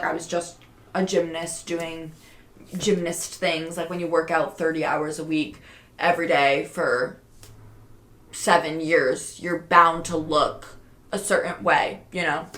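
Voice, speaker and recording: A young woman hosting a podcast tells a story in a casual, chatty way, swearing often and peppering it with "like." Her voice is fairly low but bright and forceful, with a reverberant sound.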